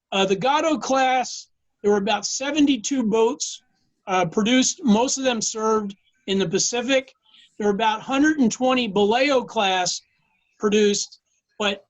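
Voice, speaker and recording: An older man with a scratchy voice giving a classroom lecture and answering questions, halting with many fillers. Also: sits high, highs cut off. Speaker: guest lecturer.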